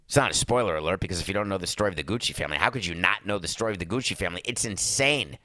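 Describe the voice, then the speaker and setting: A man's voice: low voice, expressive, rapid-fire, hardly any pauses, bright, forceful tone, dry recording, studio quality. A man hosting his podcast, giving sarcastic, rambling opinions with asides to his producer. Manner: mock Italian accent in one brief bit. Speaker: podcast host. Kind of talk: opinionated sports and culture talk.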